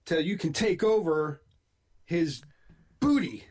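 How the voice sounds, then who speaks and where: A man playing along on a comedy podcast game over a video call, rambling through rushed stories. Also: a little high, expressive, darkish tone. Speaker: game show contestant. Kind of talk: crude comedy podcast banter. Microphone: online video call.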